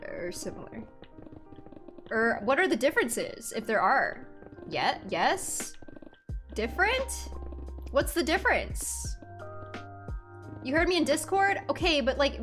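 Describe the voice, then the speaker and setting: A young woman streaming a game and chatting casually with her viewers, her voice high and lively as it swoops up and down. She talks slowly and giggles often, with faint music playing underneath. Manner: chatty and giggly, talking to chat. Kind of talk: casual live-stream chat while gaming.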